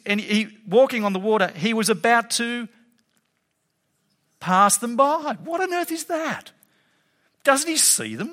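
A preacher delivers a sermon in a high, bright voice with wide pitch swings, emphatic and animated, often laughing. Each phrase trails off into long hall reverb.

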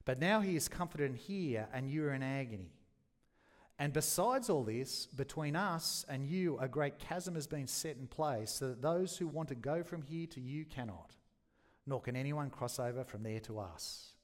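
A man reading the part of Abraham, an ancient patriarch, in a measured, solemn, fatherly way. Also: mid-range voice, expressive, in a large hall, close to an everyday voice.

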